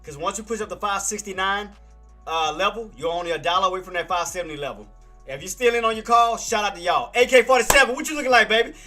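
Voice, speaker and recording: A high-pitched man with a bright, forceful voice runs a live market commentary stream. He talks straight to his chat, repeats his points and swears freely. Soft music plays faintly in the background. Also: quick pace. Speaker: trading stream host.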